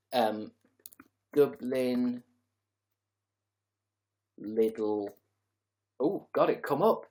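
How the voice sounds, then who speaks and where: A man's voice: medium pitch, lively intonation, drawn-out words, long pauses, warm tone. A man hosting a casual livestream, chatting to viewers in a rambling, sarcastic, sweary way. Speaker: livestream host.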